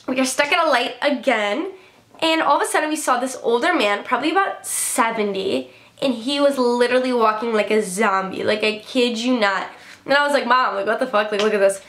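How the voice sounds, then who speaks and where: In a reverberant space, a young woman vlogger from Illinois, USA chats through casual storytime tales. Her voice sits high with a fairly bright tone, and she swears a lot and leans heavily on the filler "like".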